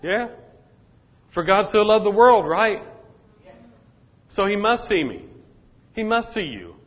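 Slowly and with big swings in pitch, a man with a high voice delivers a sermon as pastor. He speaks straight to the congregation in a repetitive, call-and-response style, going over his points again, in a hall that sounds dull and echoey.

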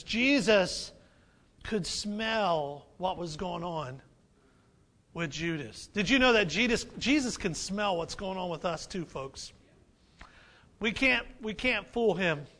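A man's voice: high-pitched, animated, slow pace, gravelly, bright, forceful tone. A man preaching a sermon as pastor, conversational and humorous, repeating phrases for emphasis.

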